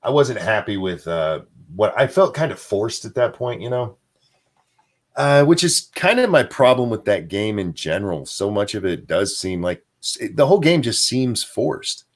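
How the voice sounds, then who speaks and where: Guy with a lowish voice hosting his stream, rambly, lots of ums and little laughs while he reads chat. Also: big pitch swings, moderate pace. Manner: rambling, with frequent fillers and chuckles; answers viewer chat and donations aloud. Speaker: livestream show host. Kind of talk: casual livestream chat.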